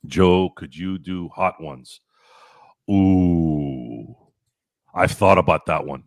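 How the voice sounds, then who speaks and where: A man hosting a podcast, telling stories in casual chat, animated and profane, acting out his own past lines. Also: sits low, slow pace, no room sound. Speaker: podcast host.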